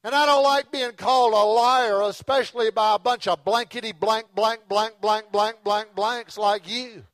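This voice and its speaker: A man's voice: high-pitched, steady tone, moderate pace, fairly bright tone, no echo, pitched above the performer's own voice. A man preaching acts out a hot-tempered grown man who is cornered, denying everything with blustering, indignant threats. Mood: angry, defensive.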